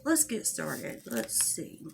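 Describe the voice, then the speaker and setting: A woman's voice: deep voice, huge pitch swings, slow pace, creaky, a little hiss or hum. A woman talking straight to camera in a casual commentary vlog, frustrated and blunt, swearing heavily as she vents. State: angry. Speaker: drama commentary YouTuber.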